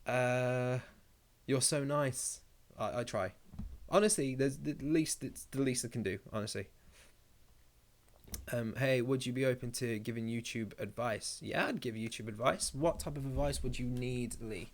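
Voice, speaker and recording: A man's voice: mid-range voice, measured pace. Chatty young man on a live stream. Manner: chatty and rambling, with jokey asides. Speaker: YouTuber hosting a live stream. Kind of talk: casual live-stream chat, reading viewer comments aloud.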